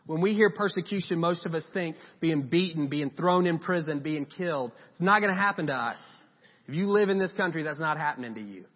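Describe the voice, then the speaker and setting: A man's voice: on the high side, brisk. Man preaching in an echoing hall. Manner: earnest, conversational preaching with quoted asides. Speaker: pastor. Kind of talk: sermon. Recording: dull sound with long hall reverb.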